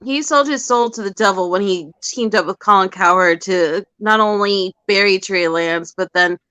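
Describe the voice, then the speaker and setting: A woman's voice: medium pitch, normal speed, bright, forceful tone, clean tone, no echo. A woman co-hosting a casual sports chat, giving heated, long-winded takes on the game. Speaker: podcast co-host.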